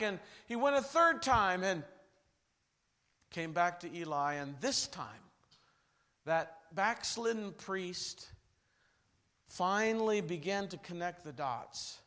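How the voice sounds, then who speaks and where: A man preaching a revival sermon, telling stories dramatically and swinging from loud bursts to hushed lines. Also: sits high, expressive, takes it slowly, pauses often.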